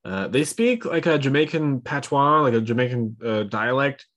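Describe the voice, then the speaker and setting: A man co-hosting a casual podcast chat, talking in a relaxed way with lots of fillers. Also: mid-range voice, normal speed. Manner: relaxed, filler-heavy talk. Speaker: podcast co-host.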